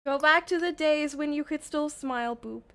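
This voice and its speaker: Bright, giggly high-voiced woman. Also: moderate pace. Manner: giggly and excitable. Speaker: streamer. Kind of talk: casual chat while playing a game.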